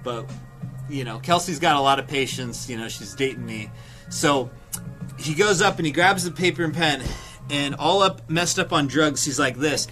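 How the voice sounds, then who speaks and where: A man's voice: on the high side, normal speed, faint music behind. A young man streamer telling a story casually, swearing and acting out quotes. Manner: animated, swearing, acts out quotes with laughs.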